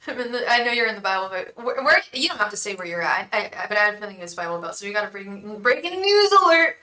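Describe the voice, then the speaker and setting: A woman's voice: medium pitch, rapid-fire, bright, forceful tone, reverberant, low-quality recording. A woman reading tarot on a live stream, chatting casually and joking in rambling asides to viewers. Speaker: tarot reader and psychic.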